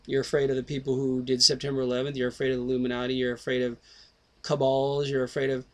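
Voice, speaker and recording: A man's voice: mid-range voice, completely flat delivery, fast, darkish tone. Profane rambling man on a headset. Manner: swears constantly, tangents, self-interrupting. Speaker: video host.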